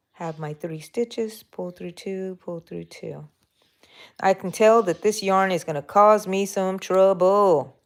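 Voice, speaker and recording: A woman with a Texan accent hosting a casual crochet livestream, chatting with viewers and talking to herself as she works. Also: fairly low pitch. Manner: chatty, talks to herself and viewers while working. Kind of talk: casual crochet tutorial chat.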